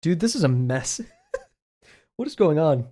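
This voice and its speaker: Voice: medium pitch, very animated, a little slow, dark tone. A young adult livestreamer chatting casually while drawing, rambling and self-deprecating, muttering asides to themself. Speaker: livestreaming artist.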